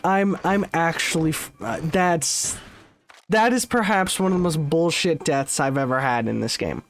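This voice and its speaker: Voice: medium pitch, unhurried, a little hiss or hum. Cursing gaming streamer. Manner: swears often, exasperated ranting. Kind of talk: let's-play commentary.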